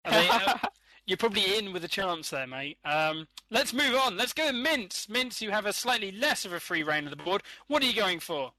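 A man hosting a casual online game show, chatty and quick to laugh. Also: sits high, very animated, sharp tone, no room sound. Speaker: game host.

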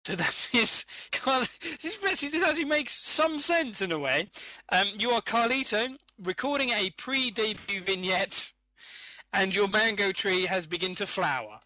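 A man hosting a casual online game show, chatty and quick to laugh. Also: high voice, animated, pushed and bright, no room sound. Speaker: game host.

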